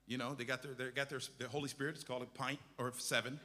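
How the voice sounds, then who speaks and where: A man's voice: mid-range voice, level tone, fast talker, bright, forceful tone, in a large hall. A male pastor preaching a sermon with impassioned, repetitive exhortations.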